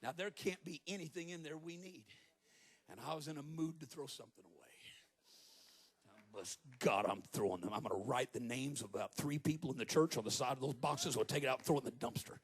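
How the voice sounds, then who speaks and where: A man in his fifties preaching a sermon as a guest preacher at a church service, telling stories with joking asides and rising to shouted peaks. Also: mid-range voice, brisk, breathy edge. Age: 50s.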